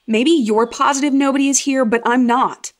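A woman's voice: sits high, steady tone, moderate pace, pitched above the performer's own voice, natural voice. A woman voicing a frightened teenage girl who pleads with her friend to leave in a spoken horror story. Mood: pleading. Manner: pleading, fearful. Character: frightened teenage girl, the narrator's younger self.

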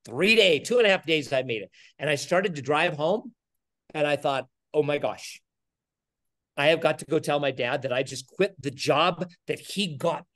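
A middle-aged man tells a story as a guest in an interview. He is energetic and animated, acting out the people in it, and his voice sits a little high for a man. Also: moderate pace. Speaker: podcast guest, entrepreneur.

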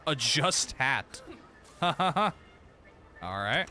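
A man's voice: mid-range voice, expressive, unhurried, long pauses, bright, forceful tone, a little hiss or hum. A man streaming a game, giving casual commentary, laughing often and swearing casually.

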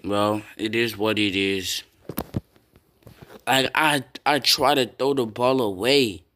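A young man casually commenting on his own football video game, swearing and breaking into loud yells at big plays. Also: mid-range voice, takes it slowly, slight background noise. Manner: reactive, swears often, bursts into loud yells.

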